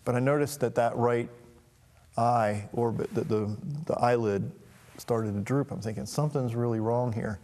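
A middle-aged man telling a personal family story in a halting, emotional way, with frequent restarts. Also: medium pitch, warm tone, in a large hall. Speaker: talk show host.

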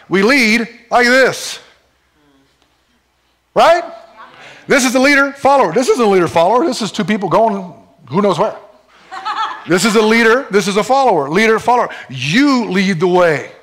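A man preaches at a church service in a high, bright voice. He is playful and animated, joking with a volunteer as he demonstrates his points. His tone is clear and forceful. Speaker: pastor. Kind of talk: sermon.

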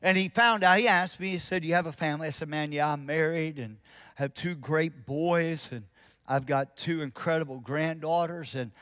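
Man, 50s, pastor, storytelling sermon, slightly high voice, soft intense asides. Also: normal speed.

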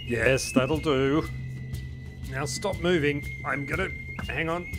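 A man's voice: on the high side, slow, over music. A man giving casual gameplay commentary as a channel host. He plays up mock outrage in a theatrical way and keeps breaking into laughter. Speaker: video game channel host.

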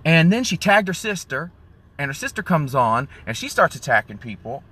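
Man, chatty live-streamer, sassy; bright, slightly high voice, phone mic in a car. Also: big pitch swings, moderate pace, husky. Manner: chatty, sassy, calls viewers y'all and honey. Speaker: vlogger doing a live stream. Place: in a car in the rain.

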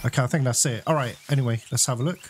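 A man giving excited gameplay commentary to viewers, exclaiming and out of breath. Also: mid-range voice, very fast, slight background noise. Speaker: let's play gamer. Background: game music.

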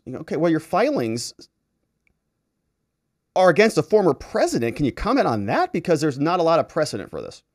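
A man's voice: fairly high pitch, very animated, a little fast, no echo, studio quality. A man, a lawyer, giving sarcastic solo commentary as he reads a letter aloud and mocks the officials who wrote it in exaggerated voices. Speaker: lawyer and political commentary host.

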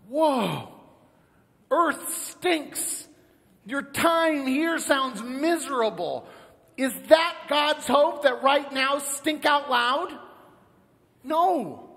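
A male pastor delivers a sermon in a lively, storytelling way, his voice sitting high for a man. He speaks in a church sanctuary, and a long reverb trails after each phrase. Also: slightly rough. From United States. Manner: storytelling, animated, acts out characters in a joke.

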